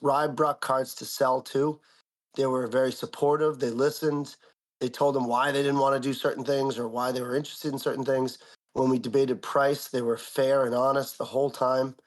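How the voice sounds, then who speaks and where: Young guy podcaster venting about a story, lots of "like", fired up, normal pitch. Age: young adult. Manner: animated, indignant storytelling with lots of "like". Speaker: podcast co-host. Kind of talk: casual storytelling chat.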